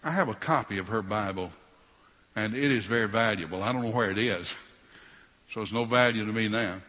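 A man preaching a sermon, swinging between loud emphasis and quiet sarcastic asides. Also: fairly low pitch, fairly quick. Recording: long hall reverb.

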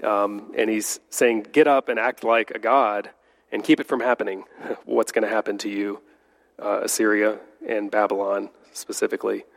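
A man leading a Bible study, reading scripture aloud and explaining it in an unhurried way, correcting his own slips as he goes. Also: lowish voice, level tone, vocal fry. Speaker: Bible teacher. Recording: long hall reverb.

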